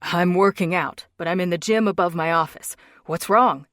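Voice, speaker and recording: Woman reader doing a brisk, breathless man mid-workout, dry audiobook read. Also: fairly low pitch, fairly bright tone, no echo, lightly acted. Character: adult male friend, winded from working out. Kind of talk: audiobook character reading.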